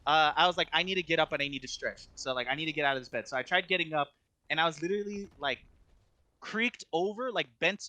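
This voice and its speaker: A man's voice: on the high side, bright, forceful tone, no echo. A young man co-hosting a podcast, telling a story in casual chat, rambling with constant filler words and restarts. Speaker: podcast co-host.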